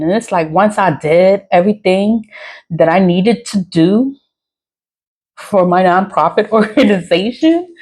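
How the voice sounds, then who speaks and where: A woman's voice: on the low side, a little mellow, poor audio. A woman talking to camera in a casual rambling monologue, frank, swearing freely and laughing often. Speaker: spiritual vlogger.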